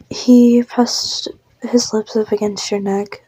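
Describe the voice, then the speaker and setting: A woman's voice: medium pitch, flat delivery, slow, warm tone, breathy edge, poor audio. A young woman narrating a listener role-play audio in a casual, rambling way, full of fillers and swearing.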